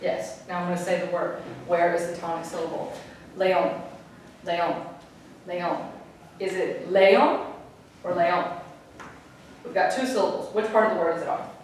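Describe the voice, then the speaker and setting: A woman teaching a classroom lesson, patiently repeating her questions and stretching out words to show where the stress falls. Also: medium pitch. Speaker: Spanish teacher. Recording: echoey classroom, taped from a distance, noisy.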